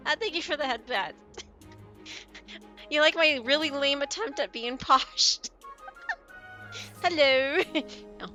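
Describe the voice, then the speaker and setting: Bright, giggly woman streamer. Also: sits high, takes it slowly, pauses often, soft background music. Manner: chatty, giggly, reads dialogue aloud. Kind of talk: game playthrough, reading dialogue aloud.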